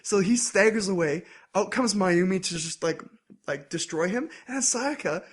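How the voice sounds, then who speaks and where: Male podcast host, slightly higher voice, chatty and animated, drops into character voices mid-story. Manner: animated retelling, acts out character lines in quick voices. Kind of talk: casual anime recap chat.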